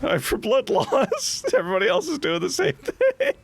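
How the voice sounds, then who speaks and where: A playful male streamer gives relaxed, unhurried commentary over his game, his fairly high voice swinging wildly up and down. There's a gravelly edge to his tone, and a clear layer of background noise sits under the stream recording. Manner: playful, laughing, teasing the game. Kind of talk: casual live gameplay commentary.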